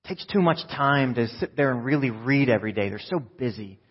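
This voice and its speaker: A man's voice: mid-range voice, expressive, brisk, husky, highs cut off. A man preaching a sermon, telling a story with quoted voices and asides to the congregation. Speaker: pastor.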